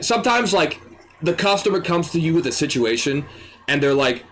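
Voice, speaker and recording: A man streaming, ranting in an exasperated, animated way and swearing freely. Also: on the high side, normal speed, slight background noise. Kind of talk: ranting commentary.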